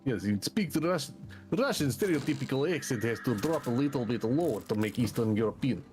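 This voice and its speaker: A man's voice: mid-range voice, lively intonation, a little fast, a little mellow, faint music behind. A man chatting and joking with friends while playing a game, easily slipping into put-on accents. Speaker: co-player. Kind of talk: casual chat while gaming. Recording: stream with noticeable background noise.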